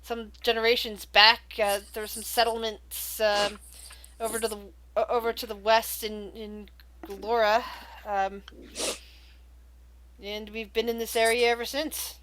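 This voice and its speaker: A woman's voice: on the high side, flat delivery, fairly bright tone, slight background noise. Woman voicing a pipe-smoking male satyr. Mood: easygoing. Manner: hesitant, halting with fillers. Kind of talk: tabletop role-play voice.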